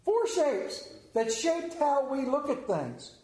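A man's voice: extremely high pitch, very animated, slow pace, dark tone, echoey room, poor audio. A man, preaching a sermon and telling a story in a folksy, drawling manner. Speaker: pastor. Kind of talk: sermon with scripture reading and prayer.

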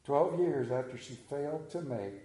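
A man preaching a sermon through animated storytelling, dropping to a hushed voice for emphasis. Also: on the high side, moderate pace, roomy sound, low-quality recording.

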